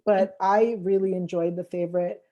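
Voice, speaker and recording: A woman's voice: lowish voice, steady tone, moderate pace, dark tone, lo-fi sound. A woman on a panel giving firm opinions in casual chat, with apologetic asides. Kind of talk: casual video-call discussion.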